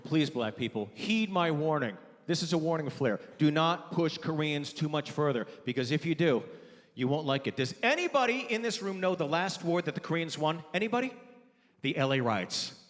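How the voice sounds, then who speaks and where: Brash stand-up comic in a reverberant hall. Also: male voice, a little high, very animated, moderate pace, a bit bright. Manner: brash, crowd work, mock-exasperated rants. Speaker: stand-up comedian. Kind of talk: stand-up comedy set. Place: large theater with live audience. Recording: long hall reverb, audience noise.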